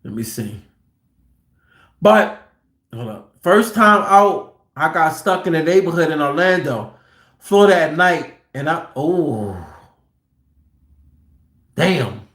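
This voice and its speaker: A truck driver with a slightly high voice speaks slowly, leaving long pauses as he tells profane, casual stories. He gets animated and loudly acts out people's quotes, all captured with a roomy echo.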